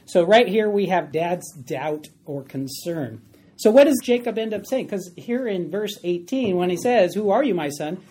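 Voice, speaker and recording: A woman teaching a Bible study class in a room with a board, talking in a lively, conversational way and putting questions to the class. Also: on the low side, a little slow, a little hiss or hum.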